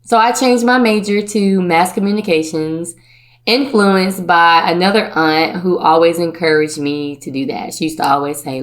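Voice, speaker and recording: A woman's voice: on the low side, normal speed. A woman from Virginia, hosting a podcast, telling a personal story in a playful, chatty way and putting on the voices of her relatives. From Virginia, USA. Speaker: podcast host.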